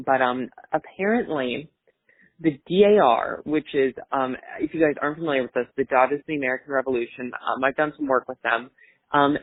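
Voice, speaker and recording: A talkative man hosting a podcast, rambling through casual chat with plenty of fillers. His voice sits fairly high and sounds dry and close, squeezed into a thin phone-like band. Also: no room sound. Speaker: podcast host.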